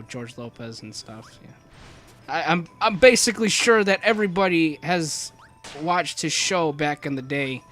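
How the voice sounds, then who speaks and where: A young man talks his way through a video game in a loose, rambling commentary, stumbling over his words and breaking into jokes. His voice sits somewhat high for a man. Faint game music plays underneath him. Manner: rambling, joking, many restarts and fillers; jumps to high excited yelps. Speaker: let's play commentator.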